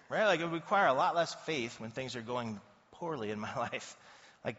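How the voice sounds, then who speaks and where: Male pastor, relaxed and lively sermon delivery, recorded in a big echoing church hall. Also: medium pitch, fairly quick. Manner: conversational and animated, acting out quoted voices. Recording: dull sound in a reverberant hall.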